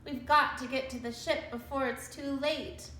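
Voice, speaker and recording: A woman's voice: high-pitched, fairly even intonation, moderate pace, bright, forceful tone, echoey room, slight background noise, voice pushed up. A woman voicing a whining young male pirate deckhand in a storybook reading. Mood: anxious.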